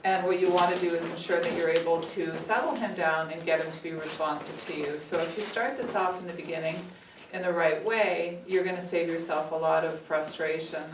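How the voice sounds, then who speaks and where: A woman with a lowish voice explains puppy training in a calm, steady way. She sounds a little far from the mic in an echoey room. A faint noise sits underneath. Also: brisk.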